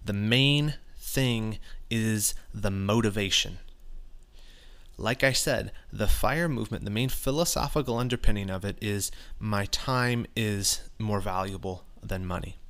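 A man's voice: fairly low pitch, unhurried, fairly bright tone. A man hosting a podcast, teaching from the Bible in an earnest, casual way, often restarting phrases. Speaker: podcast host.

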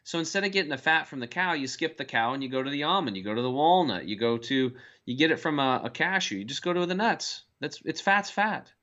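A man's voice: on the high side, animated, fast talker, few pauses, bright, forceful tone. A man, a health guest in a casual interview, telling stories and acting out the voices of people he quotes. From United States. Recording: dull lo-fi sound.

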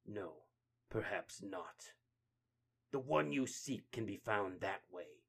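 Sinister rat-lord villain for a comic read-aloud, slow and hushed, put on by a man. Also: on the low side, lively intonation, gravelly, slightly rough, full character voice. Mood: menacing. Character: menacing male mutant rat king, regal.

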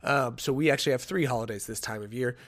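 A man hosting a solo sports podcast, chatting casually, rambling and joking at his own expense as he thinks out loud. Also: mid-range voice, fast. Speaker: podcast host.

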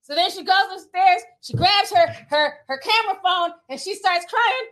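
A woman's voice: very high-pitched, normal speed, few pauses, fairly bright tone. A woman hosting her channel, giving casual gossip commentary in a sassy, slangy way with laughing asides, speaking from home at her computer.

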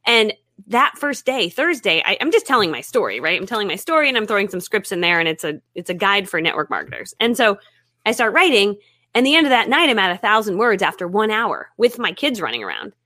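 Woman guest rattling off her story fast, lively, acts out what everyone said, dry close sound. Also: medium pitch, no room sound. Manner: lively, acts out her own and others' remarks. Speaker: guest, author and network marketer. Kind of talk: animated storytelling in conversation.

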